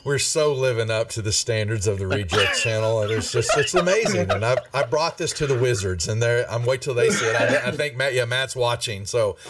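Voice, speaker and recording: A man's voice: mid-range voice, a little fast, hardly any pauses, heavy background noise. Rambling male game master, distant mic. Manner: rambling, many restarts and fillers, chuckling. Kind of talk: running a live tabletop game.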